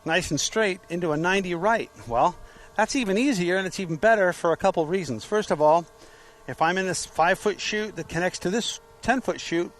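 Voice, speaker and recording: A man's voice: high voice, brisk, fairly bright tone, low-quality recording. A man working as a motorcycle training instructor, explaining an outdoor cone pattern. He talks it through by asking questions and then answering them himself. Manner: explanatory, asks and answers his own questions.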